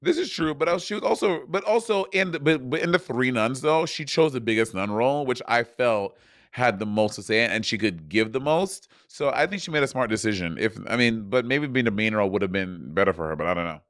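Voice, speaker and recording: A man co-hosting a casual chat, playful and teasing, quick to laugh. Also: medium pitch, lively intonation, a bit bright, dry recording, studio quality. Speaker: podcast co-host.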